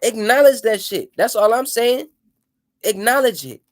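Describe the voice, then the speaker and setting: A man's voice: extremely high pitch, animated, unhurried. A man sounds off in an impassioned rant, swearing freely and preaching about goals. His delivery is emphatic and defiant, and he keeps checking in with "you know what I'm saying.".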